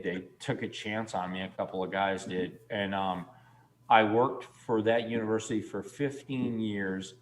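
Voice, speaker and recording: A man's voice: fairly low pitch, a little hiss or hum. A man in his fifties telling a long, rambling story in casual chat. He talks emphatically and swears freely. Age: 50s. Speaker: guest.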